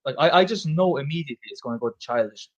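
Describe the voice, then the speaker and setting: A young man in relaxed pub chat, talking fast and hammering his points home. He swears freely and often repeats a phrase before pushing on. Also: medium pitch, highs cut off. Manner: swearing, emphatic, repeats himself. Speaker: host.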